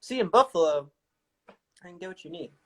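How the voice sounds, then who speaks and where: A man's voice: sits high, lively intonation, a little fast, fairly bright tone, poor audio. Laid-back, enthusiastic man. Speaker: guest filmmaker. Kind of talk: casual chat.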